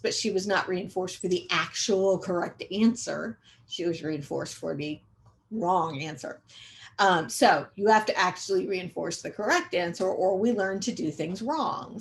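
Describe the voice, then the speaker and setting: A middle-aged woman giving a conversational training lecture to educators, repeating key points for emphasis and often pausing on "um". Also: lowish voice, creaky. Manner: conversational, repetitive emphasis, frequent um fillers. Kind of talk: recorded training webinar lecture.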